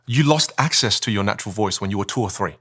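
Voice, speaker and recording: A man talks as a voice coach on a podcast, and his pitch swoops up and down as he makes his points. He speaks with energy and stress on key words, and he keeps asking rhetorical questions. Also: lively intonation, quick pace, fairly bright tone, husky. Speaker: communication and voice coach, podcast guest. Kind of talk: animated explaining in a podcast interview.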